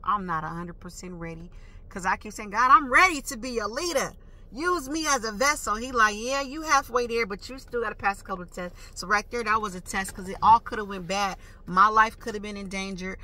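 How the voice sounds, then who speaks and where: A woman vlogger telling a story in a casual, animated way, full of emphatic slang and sound effects like "boom" and "whoop.".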